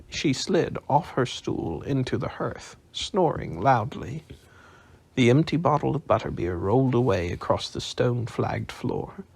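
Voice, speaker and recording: Slow, husky bedtime storyteller man. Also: mid-range voice. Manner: calm, unhurried reading. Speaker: audiobook narrator. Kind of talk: bedtime audiobook narration.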